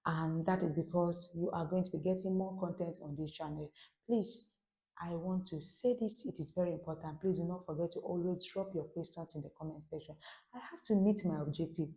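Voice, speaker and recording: A woman's voice: fairly low pitch, brisk, warm tone. A woman teaching a French class online in a chatty way, musing aloud to her viewers. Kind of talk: casual online lesson. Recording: roomy echo.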